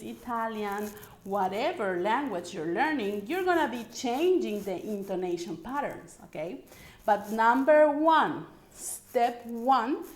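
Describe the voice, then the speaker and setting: A woman's voice: mid-range voice, reverberant. A woman language coach teaching English intonation, modelling example questions and checking in with "right?" and "okay?".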